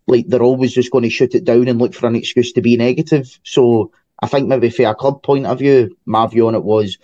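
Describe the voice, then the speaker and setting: A Scottish man talks football on a podcast in an easy, filler-heavy way. His voice is mellow. The recording sounds dull and dry. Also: mid-range voice, a little fast, no room sound. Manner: relaxed, filler-heavy chat. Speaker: podcast co-host, fan. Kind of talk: casual football chat.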